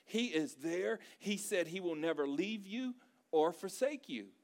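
Male pastor with a high voice, preaching in a conversational, emphatic way to his church. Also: lively intonation, a little slow. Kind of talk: sermon.

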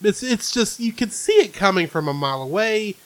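A man's voice: sits high, a little fast, no echo. Wry man co-hosting a casual review. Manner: wry, animated storytelling. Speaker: podcast co-host.

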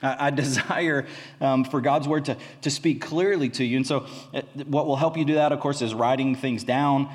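A man, a college pastor, giving a conversational sermon full of fillers and restarts. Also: mid-range voice. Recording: reverberant hall.

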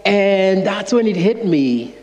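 A man, an associate pastor, preaching by telling an animated, self-mocking story to his congregation. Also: high-pitched, slow. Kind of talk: sermon storytelling. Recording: long church-hall reverb.

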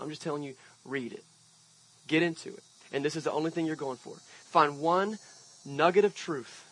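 Storytelling pastor preaching outdoors. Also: male voice, fairly high pitch, fairly bright tone, poor audio. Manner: storytelling, conversational with emphatic swells. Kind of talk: sermon. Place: outdoor park service.

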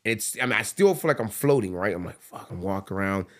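A man, a fighter, telling stories as a podcast guest in a casual, animated way, with lots of fillers and swearing. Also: lowish voice, fast talker. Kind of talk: casual storytelling.

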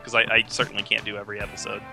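A man's voice: on the low side, monotone, very fast, vocal fry, music in the background. A man from the United States, a guest podcaster chatting in an easygoing, wry way. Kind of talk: casual chat.

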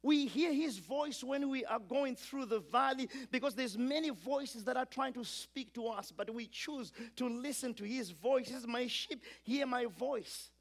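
A man delivers a sermon in a high voice. He preaches with emphasis, stacking repeated phrases and swinging between loud and quiet passages as he leads his listeners. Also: unhurried, few pauses. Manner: emphatic, repetitive build-ups, urges congregation to repeat.

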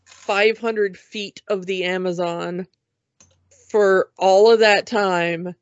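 A woman's voice: medium pitch, fairly even intonation, slow pace, no room sound. A woman chatting casually about a movie as a podcast co-host, laughing often and acting out silly quotes. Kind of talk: casual movie review chat. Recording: dull lo-fi dry sound.

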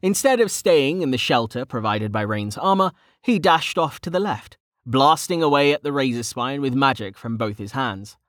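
A man narrating an audiobook in a steady, measured reading. His voice sits at an ordinary middle pitch. The recording is dry and close, with no room sound around it. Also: no echo.

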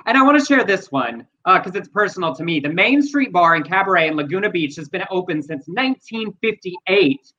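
A man's voice: high-pitched, animated, brisk, bright, forceful tone, muffled recording. A man co-hosting a podcast, speaking earnestly and persuasively about politics and news. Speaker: podcast co-host. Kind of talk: casual chat, commentary.

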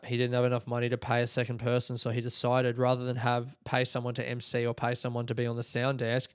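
This young stand-up comedian's medium-pitched voice sounds clean, captured in a dry, studio-quality recording. On his solo podcast he rambles through a story casually, swearing and laughing frequently.

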